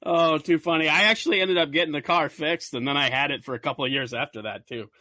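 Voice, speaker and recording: A man's voice: fairly high pitch, fast talker, bright, forceful tone, dry recording, studio quality. A man hosting a podcast in casual chat, easygoing, with short agreeing replies and frequent laughs. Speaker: podcast host.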